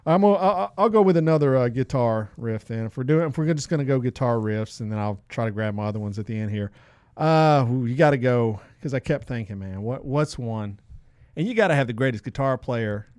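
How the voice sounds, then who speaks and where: A middle-aged man co-hosting a podcast in casual chat, emphatic and quick to laugh. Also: medium pitch, animated, darkish tone, smooth, dry recording, studio quality. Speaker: podcast co-host.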